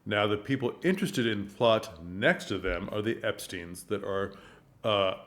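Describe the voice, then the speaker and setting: A man giving earnest, animated commentary on a stage production, telling the story with frequent restarts. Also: fairly low pitch, normal speed. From United States. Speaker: theater commentator. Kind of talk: casual commentary.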